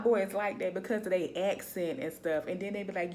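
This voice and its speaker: A woman vlogger talking about shows in a casual, animated way. She laughs often and keeps addressing her viewers. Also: on the low side, fairly quick, hardly any pauses, a little hiss or hum. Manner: chatty and animated, laughs often, says "y'all". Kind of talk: casual chat.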